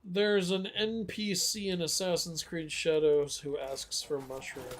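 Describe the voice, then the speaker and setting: A man's voice: on the high side, little pitch movement, a little slow, slight background noise. A man streaming a game and chatting casually, joking, laughing often and tripping over his words. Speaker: streamer host. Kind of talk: casual chat while gaming.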